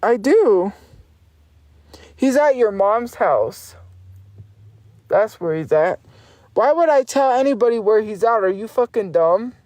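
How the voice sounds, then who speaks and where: A woman's voice: on the high side, expressive, slow pace, pauses often, darkish tone, dry recording. Defiant, foul-mouthed woman streamer. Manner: profane, insistent, defiant, repeats herself. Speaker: livestreamer. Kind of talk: livestream rant at chat.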